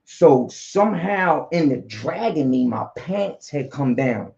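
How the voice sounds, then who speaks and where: Gravelly man. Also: a little high, takes it slowly. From Philadelphia. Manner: animated, streetwise, peppered with slang and "you know what I'm saying". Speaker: guest. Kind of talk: casual storytelling interview. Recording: dull lo-fi audio.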